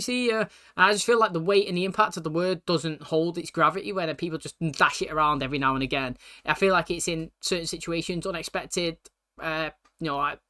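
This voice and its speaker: A man's voice: on the high side, pushed and bright. A man giving a rambling, earnest, casual commentary as a reaction video host.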